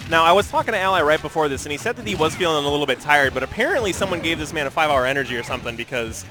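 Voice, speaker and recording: A man's voice: a little high, expressive, rapid-fire, over music. A man giving color commentary at a game tournament, rambling with fillers about the players. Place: large indoor tournament venue.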